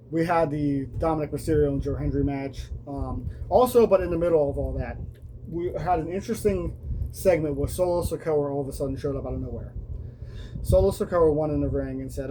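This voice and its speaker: A man's voice: mid-range voice, background noise. A man hosting a casual wrestling show review, talking loosely with fillers and acting out the wrestlers' lines. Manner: casual, lots of ums and restarts, acts out quotes. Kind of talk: casual recap chat.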